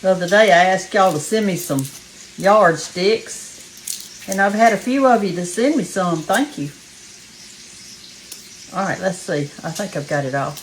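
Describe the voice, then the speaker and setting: A woman's voice: mid-range voice, expressive, unhurried, long pauses, a little hiss or hum, rough recording. Southern woman, cooking show host, folksy and chatty, slightly winded, faint sizzle in the kitchen behind her. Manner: folksy and chatty, talks straight to viewers as "y'all". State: a little out of breath. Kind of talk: casual cooking demonstration. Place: home kitchen. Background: faint frying sizzle.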